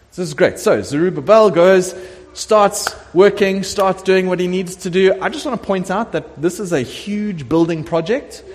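A middle-aged man preaching a sermon as a pastor, telling the story in a lively way and acting out the voices of the people in it. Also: high-pitched. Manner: animated storytelling preacher, acts out quoted voices. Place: church sanctuary. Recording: long church hall reverb.

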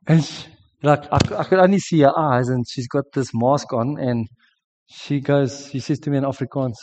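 A man's voice: mid-range voice, unhurried, a little mellow, long reverb tail. A South African man in his forties, sick with a sore throat, telling an earnest sermon story with frequent restarts. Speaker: preacher. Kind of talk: sermon testimony.

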